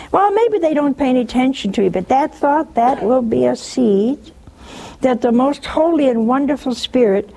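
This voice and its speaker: An older woman hosting a religious call-in show, talking in an animated, scolding way with mocking asides. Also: husky. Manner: animated, scolding and mocking with sudden pitch jumps.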